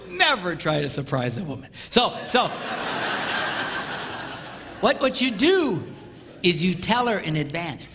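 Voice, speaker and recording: A man with a high, bouncing voice works a live audience with playful humor. His talk rings out across a large hall with a long reverb. The recording sounds muffled and lo-fi, with a faint hiss underneath. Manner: playful and animated, mimics a bell sound. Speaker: speaker addressing an audience. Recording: dull, roomy hall recording.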